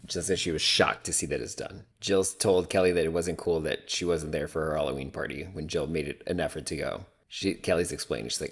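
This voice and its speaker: A man with a deep, low voice talks through a reality TV episode in a relaxed, chatty recap. He gives his opinions freely and thinks out loud, with plenty of "like". Quick laughs come easily between his remarks. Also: breathy edge. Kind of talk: casual recap commentary.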